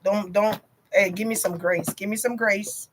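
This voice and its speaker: A woman's voice: mid-range voice, steady tone, normal speed, background noise. A woman chatting casually to her viewers on a livestream tarot reading, slangy and direct.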